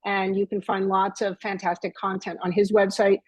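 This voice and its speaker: A woman co-hosting a podcast, introducing the guest in a measured way. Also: mid-range voice, flat delivery, a little mellow, slightly rough, dry recording, poor audio. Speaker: podcast co-host. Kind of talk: casual podcast chat.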